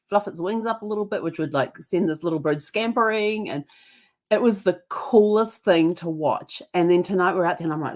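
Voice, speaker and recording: A woman podcast host telling a casual story, rambling along with many restarts and fillers. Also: low-pitched.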